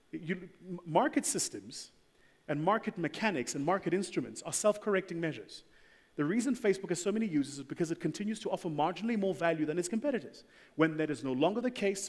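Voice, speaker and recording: A man speaking on a panel, emphatic and opinionated, his loudness rising and falling as he argues. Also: a little high. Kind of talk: animated panel talk. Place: large event hall. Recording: long hall reverb.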